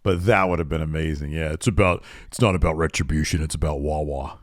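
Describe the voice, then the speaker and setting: Animated man recapping wrestling, dry mic. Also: a bass voice, fast, no room sound. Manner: animated, does voices when quoting. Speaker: podcast co-host. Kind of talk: casual wrestling recap chat.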